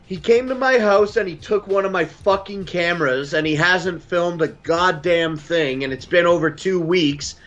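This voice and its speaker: Canadian man on a live talk show, crude and joking, higher-pitched, slightly dull audio with faint music. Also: moderate pace, hardly any pauses, a bit bright. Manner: profane, joking, slips into a mock Aussie accent. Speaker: guest. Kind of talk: casual chat.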